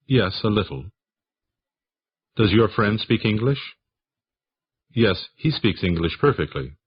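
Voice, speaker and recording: Low husky male reader, slow practice sentences, lively up-and-down intonation, dull lo-fi sound. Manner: reads model sentences one by one, questions and answers. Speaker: English lesson reader. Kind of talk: slow scripted sentence reading.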